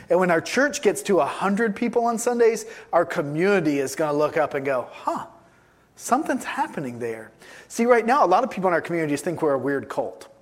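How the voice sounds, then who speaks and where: An emphatic male pastor delivers a sermon and drives his points home by repeating key phrases. His voice sits a little higher than most men's.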